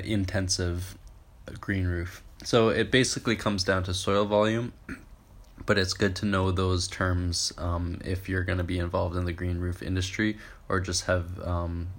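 Man, very deep voice, casual advice talk, getting over a cold, self-correcting. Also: a bit bright. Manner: informal, with fillers and self-corrections. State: recovering from a cold. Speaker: podcast host.

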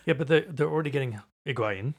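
British man arguing football on a podcast. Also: medium pitch. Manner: quick, argumentative. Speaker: podcast co-host. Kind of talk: casual sports podcast chat.

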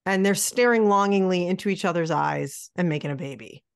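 A woman's voice: fairly low pitch, a little fast, creaky, smooth, dry recording, studio quality. A woman co-hosting a podcast, chatting casually and sarcastically about an old film. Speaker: podcast co-host.

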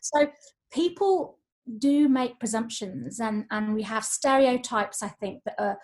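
A woman's voice: on the high side, unhurried, darkish tone. A woman, a voice coach talking expressively in a podcast conversation. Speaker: voice coach guest.

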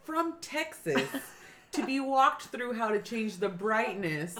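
A woman co-hosting a casual chat, telling a story in an animated, slangy way with frequent laughter. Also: on the high side, takes it slowly, slight background noise.

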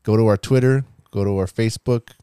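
A man co-hosting a casual podcast, dropping offbeat deadpan jokes. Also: lowish voice, brisk, clean tone, dry recording, studio quality. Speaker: podcast co-host. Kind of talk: casual banter.

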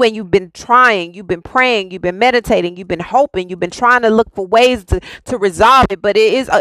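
A woman's voice: mid-range voice, brisk, few pauses, a bit bright, no room sound, low-quality recording. A woman giving an intuitive spiritual reading in a reassuring way, repeating her phrases insistently. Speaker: spiritual reader.

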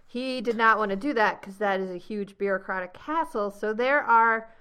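A young American woman hosting a travel podcast, telling a story in a lively, laughing way. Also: medium pitch, moderate pace, clean tone. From United States. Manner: animated storyteller, laughs often. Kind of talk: casual storytelling chat.

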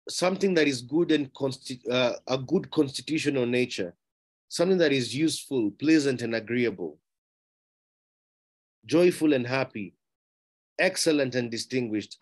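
A man gives an emphatic sermon at a moderate pace, pausing often. He asks rhetorical questions, repeats key phrases, and his voice rises in pitch and loudness on important words.

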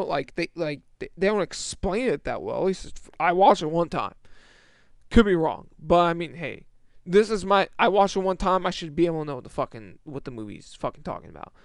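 A man's voice: high voice, no room sound, studio quality. A young man in a casual, exasperated rant about a movie, swearing and restarting his sentences as he rambles. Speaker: movie reviewer.

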